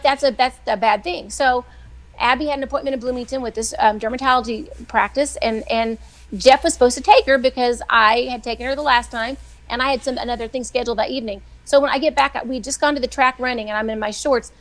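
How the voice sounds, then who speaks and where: A middle-aged woman, a weekly guest who writes devotionals, telling faith stories in a chatty, animated way. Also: fairly high pitch. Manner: chatty, animated, acts out quoted voices. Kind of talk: casual faith storytelling on a live show.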